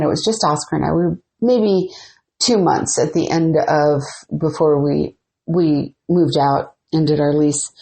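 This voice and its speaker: Woman, lowish voice, podcast host, casual storytelling, animated, acts out quotes.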